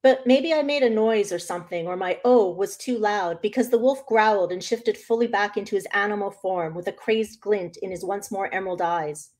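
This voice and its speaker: Woman author reading her novel aloud; expressive first-person delivery. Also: mid-range voice, moderate pace, hardly any pauses.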